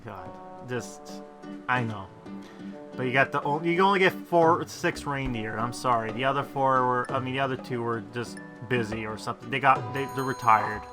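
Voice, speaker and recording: Music plays in the background as a gaming video host, a man with a mid-range voice at a moderate pace, talks through his game. His chatter is rambling and self-mocking, thick with fillers.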